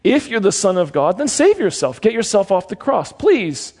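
A man's voice: high voice, sing-song, normal speed, darkish tone, full character voice. A man doing a whining, desperate thief. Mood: pleading. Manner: pleading, whiny. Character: desperate male thief on a cross, self-pitying.

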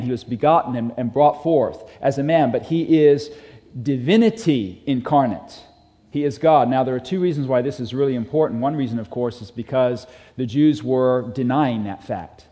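Emphatic preacher in a reverberant hall. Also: male voice, medium pitch, moderate pace, warm tone. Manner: emphatic, repeats key phrases. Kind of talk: sermon.

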